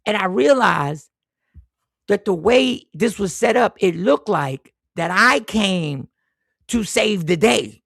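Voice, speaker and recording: A man's voice: sits high, slow pace, creaky, no room sound, clean studio sound. A man hosting a podcast, telling a work story in casual, profane chat and acting out the people he quotes. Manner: profane, animated storyteller, acts out quoted voices. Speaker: podcast host.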